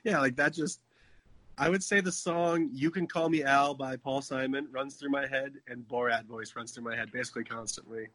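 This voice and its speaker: A man's voice: mid-range voice, flat delivery, normal speed, fairly bright tone, dry recording. Thirties male co-host, jokey, drifts into silly voices, dry sound. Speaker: podcast co-host. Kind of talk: casual chat.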